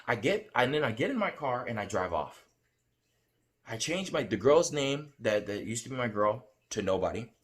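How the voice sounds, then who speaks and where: A man with a mid-range voice tells a dream story straight to his viewers. He talks in an excitable, rambling way, stopping often and starting his sentences over. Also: mid-range voice, moderate pace. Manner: excitable, rambling, with many fillers and restarts. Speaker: vlogger recounting a dream. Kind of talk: casual storytelling to camera.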